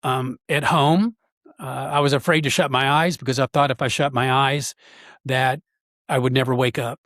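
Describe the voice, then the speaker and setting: A man, a podcast guest, telling a personal story in an earnest, halting way with frequent pauses. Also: medium pitch, steady tone, fairly bright tone, no room sound, studio quality.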